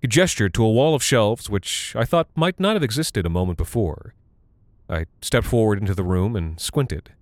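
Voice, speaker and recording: A man narrating a scripted horror story in the first person, with a dry, deadpan delivery. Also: fairly low pitch, normal speed, dry recording.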